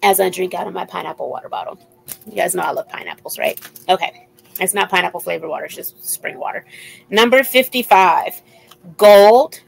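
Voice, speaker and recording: A woman's voice: on the low side, vocal fry, slight background noise, low-quality recording. A woman hosting a live jewelry sale, chatting casually and repeating item numbers as she shows each piece. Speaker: live-stream jewelry seller. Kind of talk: casual live sales chat.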